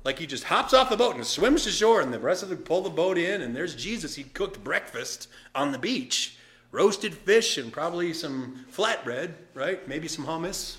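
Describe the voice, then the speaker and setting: A male pastor preaching a sermon, telling the story lively and casually, with asides to the congregation. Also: a little high, moderate pace. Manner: animated storytelling with acted voices and asides.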